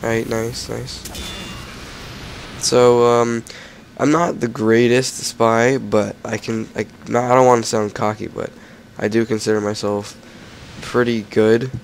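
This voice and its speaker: A sick teenage boy giving loose gameplay commentary, his voice gravelly and cracking. He rambles and then breaks into shouted frustration, with a faint hiss under the recording. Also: medium pitch, level tone, takes it slowly. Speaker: gamer.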